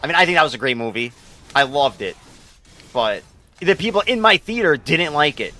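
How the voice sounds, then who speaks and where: A man's voice: a little high, very animated, normal speed, pushed and bright. A young man, a game streamer rambling casually and profanely while he answers his chat.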